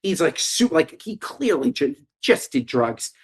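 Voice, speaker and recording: Emphatic man with a lively swinging voice. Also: unhurried, husky. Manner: emphatic, mock-ranting, swings pitch widely. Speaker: podcast co-host. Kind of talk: casual comedic chat.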